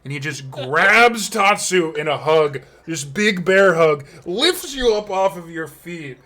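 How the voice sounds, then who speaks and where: A man's voice: a little high, lively intonation, slow, sharp tone. A man narrating a tabletop game as game master, rambling and full of fillers and laughter.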